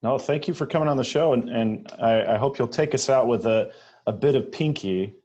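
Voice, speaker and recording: A man's voice: medium pitch, a little fast, dark tone, muffled recording, slight background noise. A man hosting a casual podcast interview, eager and fanlike, laughing easily. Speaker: podcast host.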